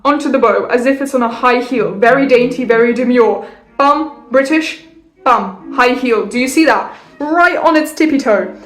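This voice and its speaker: A woman's voice: high voice, normal speed. A woman giving a casual violin lesson in a playful, jokey way, with theatrical asides. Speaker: violin teacher. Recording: roomy echo.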